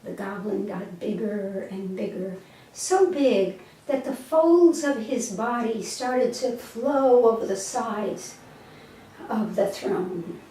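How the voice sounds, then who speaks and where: Woman storyteller, gentle reflective teaching tone, slow, echoey room, distant mic. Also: medium pitch, animated, slight background noise. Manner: gentle, reflective, slight stumbles.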